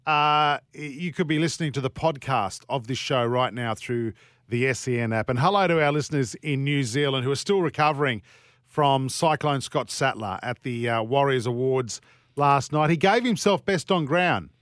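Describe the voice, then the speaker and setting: A man's voice: medium pitch, a bit bright, dry recording, studio quality. An Australian man hosting a sports radio show, chatty and teasing, reading plugs and ribbing his co-host. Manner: chatty, teasing, quick asides. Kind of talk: casual radio banter. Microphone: studio microphone.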